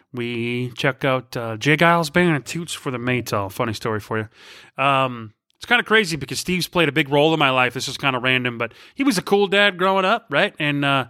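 Bright-voiced rambling male podcast host. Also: mid-range voice, clean tone, no echo, clean studio sound. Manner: rambling, goes off on tangents; playful, shifts into silly voices. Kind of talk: casual podcast monologue.

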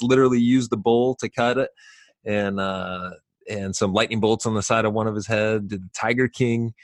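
A man's voice: lowish voice, dry recording, clean studio sound. A man co-hosting a podcast, joking in upbeat casual banter. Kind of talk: casual chat.

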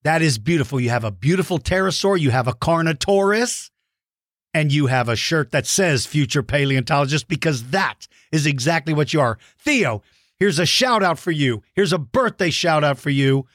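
A man hosting a dinosaur show for kids, giving playful, enthusiastic shout-outs to young fans. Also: fairly high pitch, animated, normal speed, no room sound, studio quality. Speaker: host of a kids' dinosaur show.

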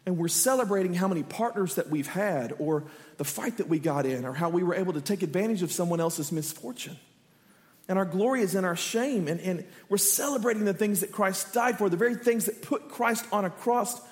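High-voiced man preaching in a reverberant hall. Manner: earnest, builds to impassioned pleading. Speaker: pastor. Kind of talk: sermon.

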